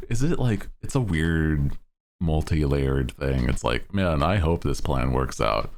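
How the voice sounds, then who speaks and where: A man's voice: very deep voice, lively intonation, takes it slowly, a little hiss or hum. A man chatting casually while livestreaming a game, rambling playfully and laughing often. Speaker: game streamer.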